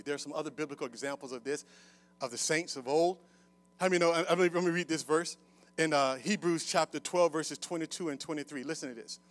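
A high-pitched male pastor preaching to a church congregation. He draws call-and-response from the pews and shifts from near-shouting to soft, confiding talk. Casual jokes slip in between the points. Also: brisk, a little hiss or hum. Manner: casual, joking asides. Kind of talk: sermon. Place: church service before a congregation.

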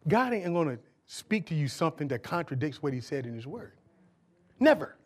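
A male pastor preaching a sermon, calling out to the congregation and swinging from loud bursts to hushed asides. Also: a little high, animated, fast talker.

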